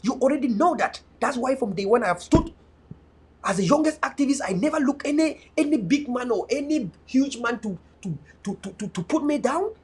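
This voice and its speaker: Very high-pitched yet darkish in tone, this young man's voice has a breathy edge, lively intonation and a brisk pace. An activist and online media host from Cameroon's North West (Bui), he delivers an emphatic, fervent political monologue with repeated restarts.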